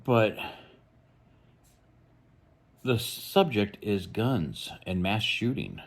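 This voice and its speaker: A man's voice: on the low side, lively intonation, very slow. A man hosting a true crime channel, giving blunt, rambling, opinionated commentary.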